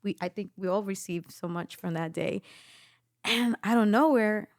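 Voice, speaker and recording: Woman telling an animated personal testimony. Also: medium pitch, normal speed, no room sound, studio quality. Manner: animated storytelling, acts out quoted voices. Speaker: podcast guest.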